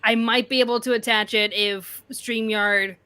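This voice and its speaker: A woman's voice: on the high side, fairly even intonation, moderate pace, sharp tone, no echo. A woman co-hosting a podcast, chatting casually and explaining her streaming setup. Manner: chatty, explaining tech settings. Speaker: podcast co-host. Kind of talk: casual live-stream chat.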